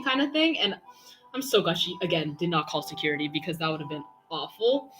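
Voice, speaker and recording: Excitable chatty young woman, bright voice. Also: lowish voice, fast, soft background music. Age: young adult. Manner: chatty, excitable, lots of fillers and quoted dialogue. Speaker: streamer. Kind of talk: casual storytelling while painting on stream.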